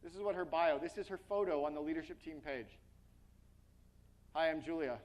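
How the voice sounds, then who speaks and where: A man giving an energetic, blunt business keynote to a live audience, speaking to them directly and asking them questions. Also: fairly high pitch, quick pace, poor audio.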